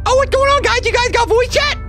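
A man's voice: fairly even intonation, fast talker, bright, forceful tone, soft background music, full character voice. A man putting on the voice of a lonely, needy eight-year-old boy, trolling strangers over voice chat. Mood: excited. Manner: high childish pleading, needy and pestering.

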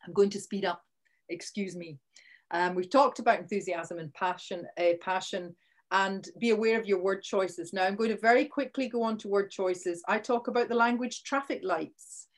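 A woman's voice: medium pitch, normal speed. A Scottish woman presenting a live online training session, chatty and often restarting her sentences. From Scotland. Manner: chatty, restarts sentences, punches key words. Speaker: workshop presenter. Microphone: video call.

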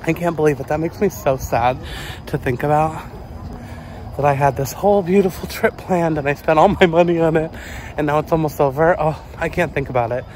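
A man's voice: fairly high pitch, fairly quick, a little mellow, a little hiss or hum. A man vlogging casually on a resort trip, rambling with lots of fillers as he walks around and then settles in his hotel room. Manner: chatty, rambling, many fillers. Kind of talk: casual vlog narration.

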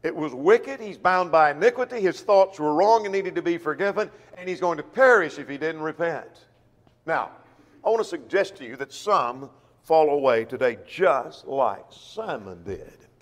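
A man's voice: on the high side, a bit bright, long reverb tail. A man preaching a sermon who reads scripture aloud and poses rhetorical questions to the congregation. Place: church auditorium.

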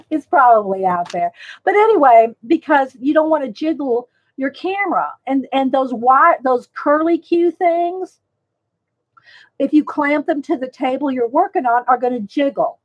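Chatty high-voiced woman streaming. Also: lively intonation, measured pace. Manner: rambling, chatty, greets viewers by name. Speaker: livestream host. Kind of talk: casual livestream chat. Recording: slightly dull lo-fi sound.

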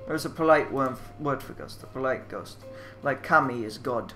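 A young native English speaker plays through a game as a let's player, translating the Japanese text as he goes at a moderate pace. His pitch is middling, and he muses aloud, trailing off and second-guessing himself while game music plays softly underneath.

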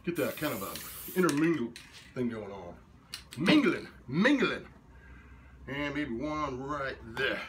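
A man's voice: mid-range voice, expressive, unhurried, slight background noise. A man demonstrating abstract painting in his studio, talking in laid-back hipster slang and muttering to himself as he works. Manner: mutters quietly while working.

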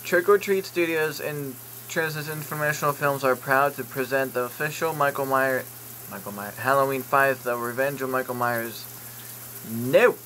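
Reading product listings aloud as he browses, a male YouTuber riffs with jokey, meandering comments and a curse here and there. His voice is medium-pitched, steady, and sharp at a normal pace, and the poor audio carries a little hiss or hum.

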